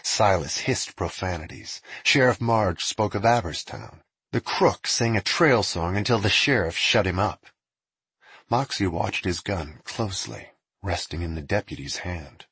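A man narrating a storybook with an expressive reading. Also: low voice, unhurried, slightly rough, dry recording.

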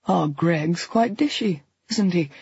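A witty young man trades gossip in an arch drawl, voiced by a male narrator. The voice is a little husky, and the recording is dry. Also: sits high, slow, a little mellow, no echo, muffled recording, full character voice.

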